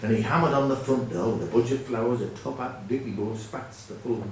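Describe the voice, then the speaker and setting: A man who is a folk singer telling a rambling comic story on stage in a deadpan manner, with frequent self-corrections. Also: medium pitch, brisk, a little hiss or hum. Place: live venue with audience. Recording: echoey room from far off.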